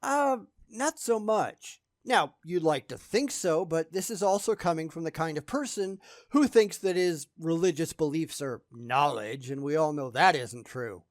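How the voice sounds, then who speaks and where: A man's voice: on the high side, expressive, unhurried, hardly any pauses, no echo, clean studio sound. A man giving sarcastic reaction commentary, blunt and scornful in how he talks.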